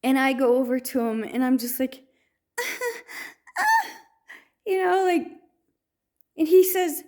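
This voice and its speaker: A woman's voice: extremely high pitch, lively intonation, slow pace, long pauses. A woman telling a personal faith story in a storytelling way, with many restarts and fillers. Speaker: testimony speaker.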